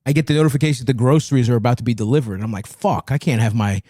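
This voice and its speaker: A man in his thirties tells a story in a casual podcast chat, racing along in a warm tone, profane and self-mocking, and jumping into high voices for quotes. The sound is clean studio audio with no room sound.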